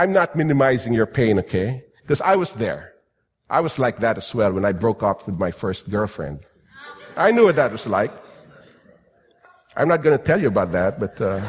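A man preaching a sermon in a lively, animated way, now and then acting out comic voices. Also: high voice, husky, in a large hall. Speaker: pastor.

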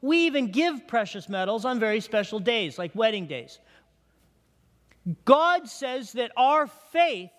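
Middle-aged guy preaching in church, kinda high voice, long echo off the hall. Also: fairly bright tone. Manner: conversational preaching, asks the congregation questions. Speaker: pastor. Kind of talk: sermon. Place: church sanctuary.

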